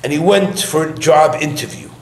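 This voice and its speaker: A man's voice: fairly high pitch, moderate pace. A middle-aged man, a rabbi, telling a story in a sermon and acting out its dialogue with animation. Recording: echoey room, faint background hum.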